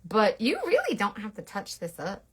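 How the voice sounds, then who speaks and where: A woman's voice: mid-range voice, huge pitch swings, moderate pace, breathy edge. A woman makeup artist talking through a casual makeup tutorial in a rambling, playful, sassy way. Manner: sassy slangy talk.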